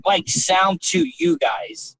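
Rambling host. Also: male voice, sits high, wildly swooping pitch, takes it slowly, gravelly, a bit bright, rough recording. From United States. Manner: rambling, stumbling questions. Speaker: podcast host. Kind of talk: podcast interview.

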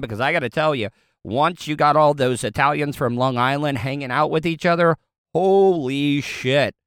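A man's voice: medium pitch, fairly bright tone, smooth, no echo, clean studio sound. A man with a Southern US accent telling a casual, rambling story to his viewers, with lots of fillers, restarts and chuckles.

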